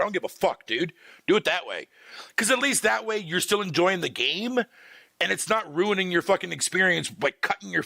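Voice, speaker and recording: A man's voice: high voice, vocal fry, sharp tone, no room sound. A man streaming, ranting casually with heavy profanity, laughing often. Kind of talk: casual livestream rant.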